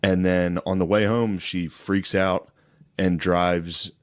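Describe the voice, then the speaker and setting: A man with a very low voice tells a long story on a podcast, circling back and restarting as he goes. His talk is casual and full of swearing. The sound is close and dry. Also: level tone, slow, no echo. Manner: rambling, profane storytelling with many restarts. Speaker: podcast co-host.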